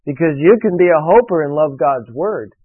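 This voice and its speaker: A man's voice: fairly high pitch, animated, moderate pace. A man preaching a sermon, emphatic and repetitive as he drills a point home to his congregation. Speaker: pastor. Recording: phone-like radio broadcast.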